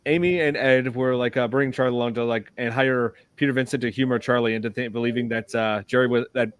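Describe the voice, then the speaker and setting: Male podcast co-host, mid-pitched, loose rambling delivery, dry close-miked sound. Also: steady tone, fast, smooth, dry recording. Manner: rambling, many restarts and fillers. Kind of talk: casual chat about a film.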